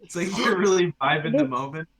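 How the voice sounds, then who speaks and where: A man's voice: fairly high pitch, expressive, brisk, a crowd in the background. A man narrating a tabletop game as its game master, in loose storytelling full of fillers. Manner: loose, filler-heavy storytelling with sung sound effects.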